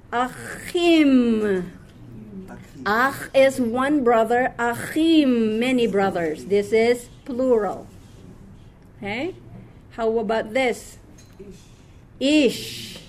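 Patient woman teaching, slow and higher-pitched. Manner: patient, quizzing students word by word. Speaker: Hebrew reading teacher. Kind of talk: classroom reading lesson.

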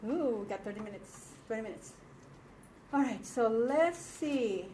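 A woman teaching a Hebrew class in a classroom, slow and patient, often checking that her students follow. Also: a little high, lively intonation, warm tone. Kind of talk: classroom lecture. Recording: echoey room from far off, faint noise.

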